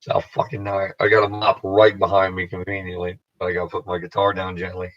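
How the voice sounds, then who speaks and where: A man with a very low voice drifts through a loose, profane monologue, stopping and restarting his thoughts. The recording sounds dull and lo-fi, with the top end rolled off. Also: completely flat delivery. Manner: meandering, profane, halting restarts. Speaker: vlogger. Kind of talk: rambling casual monologue to camera.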